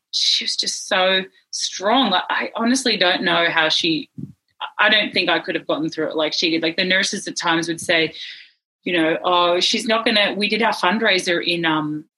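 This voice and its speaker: A woman's voice: fairly low pitch, slightly rough, low-quality recording. A woman guest telling an emotional personal story in earnest, sometimes close to tears, acting out the voices of people she quotes. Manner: earnest, tearful at times, lively quoted voices.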